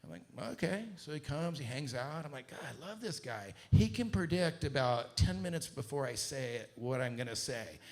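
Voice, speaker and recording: A middle-aged man from Southern California telling a business story to an audience, acting out the quoted voices with a rising pitch. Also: normal speed, few pauses. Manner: animated, acts out quoted dialogue with rising pitch. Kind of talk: casual storytelling talk to an audience.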